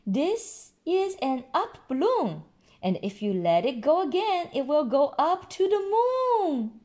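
Peppa Pig, a woman doing a high, bossy little piglet. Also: big pitch swings, takes it slowly, a little mellow, exaggerated voice. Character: bossy little girl pig, big sister.

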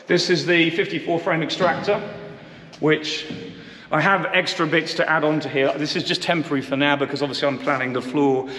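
A man's voice: on the high side, fairly bright tone, breathy edge. A middle-aged man hosts a casual beekeeping vlog, upbeat and rambling with plenty of fillers. His throat sounds a little sore. The honey house around him gives his voice a long, ringing reverb. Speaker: commercial beekeeper and channel host.

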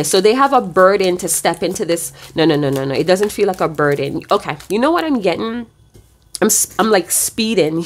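A woman talks through a tarot reading in a loose, conversational way, addressing her viewers directly. Her voice sits a little low, and she is blunt, swears freely, and wanders into rambling asides. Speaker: tarot reader.

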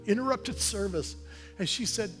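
A man preaching a sermon as pastor in a church, talking earnestly and conversationally, building to forceful exhortation. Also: high voice, lively intonation, moderate pace, music in the background. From Oklahoma, USA. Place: church sanctuary.

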